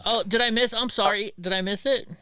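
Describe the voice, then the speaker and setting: A man hosting a casual livestream, chatting with callers and acting out past conversations. His voice is bright and clean, sitting slightly high for a man. The sound is dry and close. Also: fairly quick, smooth, no echo. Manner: animated storyteller, acts out both sides of conversations. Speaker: livestream host. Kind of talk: casual group chat on a livestream.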